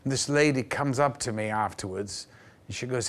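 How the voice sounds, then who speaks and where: An older actor telling stories as a guest on a television interview show, animated and playful, slipping into the voices of people he quotes. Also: medium pitch, moderate pace. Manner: lively raconteur who acts out the voices in his stories. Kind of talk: anecdotal interview storytelling. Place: television studio.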